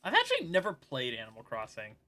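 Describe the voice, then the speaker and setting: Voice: mid-range voice, wildly swooping pitch, quick pace, sharp tone. A streamer in casual gaming chat, rambling and joking with frequent giggles.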